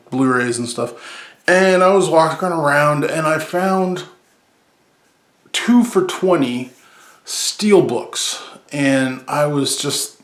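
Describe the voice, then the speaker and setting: An upbeat man talks about movies on his own podcast, rambling and correcting himself as he goes. His voice sits a little high for a man. He is recorded in an echoey room. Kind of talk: casual solo chat.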